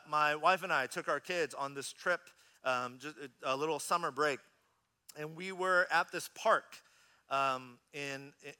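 Man, pastor, high bright voice, conversational sermon, animated storytelling.

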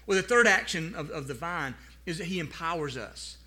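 A male pastor with a high, bright, forceful voice delivers a sermon to his congregation. He is earnest and stumbles into repeated words. He slows down when quoting scripture and invites the listeners to answer back. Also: lively intonation. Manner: asks the congregation to respond aloud.

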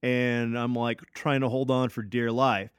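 A man's voice: medium pitch, flat delivery, measured pace, clean tone, no echo, studio quality. A man casually telling a long story on a podcast, swearing freely and filling gaps with "uh" and "like". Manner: loose and profane, full of fillers and restarts. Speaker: podcast co-host.

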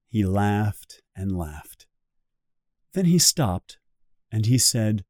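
Slow, dark-toned male storybook reader. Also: fairly low pitch, sing-song, dry recording, studio quality. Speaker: reader of a guided English reading. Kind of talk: slow storybook narration for learners.

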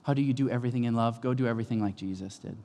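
A man's voice: mid-range voice, very fast, dark tone. A man preaching a sermon as pastor, in an emphatic, conversational way. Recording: long hall reverb.

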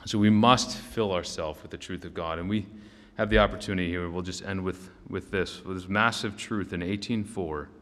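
A man's voice: sits low, fairly even intonation, normal speed, fairly bright tone. A male pastor preaching a sermon in a loose, conversational way, often checking in with the congregation and restarting his sentences. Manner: loose, with frequent restarts and fillers. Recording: long reverb of a large hall.

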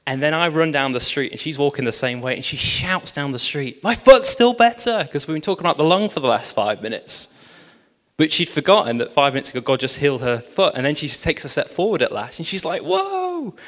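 A man preaching as a pastor, telling a story lively with quoted dialogue. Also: mid-range voice, fast talker. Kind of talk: sermon storytelling. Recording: long reverb of a large hall.

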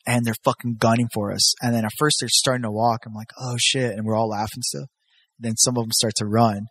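Brisk and mid-range, a young Southern California man chats casually and tells stories full of swearing. He acts out others' words by pushing his voice higher.

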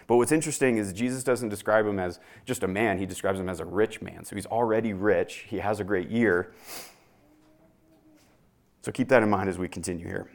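A young man delivers a sermon in a relaxed, conversational way. His voice sits somewhat low, and he reads scripture aloud, then explains it plainly to the congregation. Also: brisk. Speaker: pastor.

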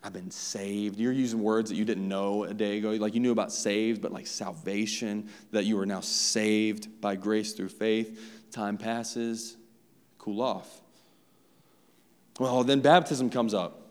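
A man's voice: lowish voice, fairly even intonation, unhurried, a little mellow. Preaching man in a reverberant church. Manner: conversational preaching, addresses the church directly. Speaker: pastor. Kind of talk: sermon. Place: church sanctuary. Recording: long reverb of a church hall.

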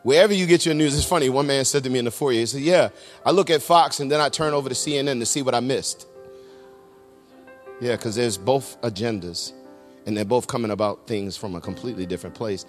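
A middle-aged man preaching a sermon as pastor, swinging between loud shouts and hushed low tones. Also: fairly quick, long reverb tail, soft background music. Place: large church sanctuary.

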